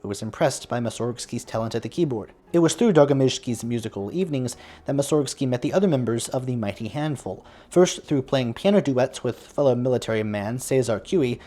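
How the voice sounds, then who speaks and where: A man's voice: mid-range voice, lively intonation, a little fast, hardly any pauses, mellow. A man hosting a music history lesson, reading a scripted narration with dry, wry asides. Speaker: music history video host.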